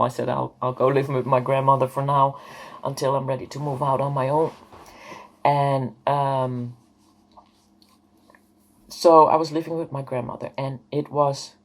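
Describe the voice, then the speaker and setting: A woman in her fifties telling a personal story to camera, hesitant and rambling, with many fillers. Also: very deep voice. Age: 50s. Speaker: vlogger.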